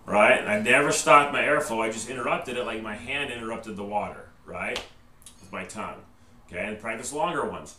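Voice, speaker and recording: A man with a low, bright, forceful voice speaks fairly quickly as he patiently teaches trumpet in steps, checking "okay?" after each one. The band teacher's video lesson sounds echoey and distant, with faint noise.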